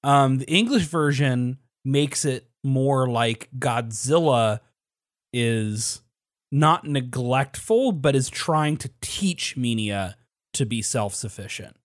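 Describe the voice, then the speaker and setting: A man co-hosting a podcast, chatting casually, animated and swearing freely. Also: medium pitch, slow pace, dry recording, clean studio sound. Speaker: podcast co-host. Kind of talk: casual chat.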